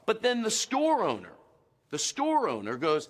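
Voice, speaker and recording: A man's voice: sits high, huge pitch swings, measured pace, in a large hall. A man comedian delivering a rambling, mock-angry rant to the camera. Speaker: comedian guest.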